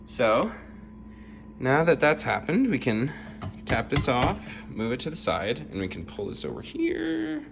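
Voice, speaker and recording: Young man, casual kitchen vlog, bubbly and self-deprecating, very animated pitch, faint hiss behind. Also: measured pace, gravelly. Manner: bubbly, self-mocking, laughs often. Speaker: vlogger. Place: home kitchen.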